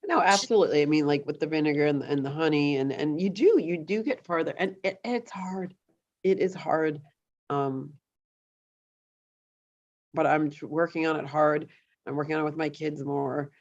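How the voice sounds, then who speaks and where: A woman co-hosting a casual chat, telling rambling everyday stories full of animated asides. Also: sits low, moderate pace, dull audio. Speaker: co-host.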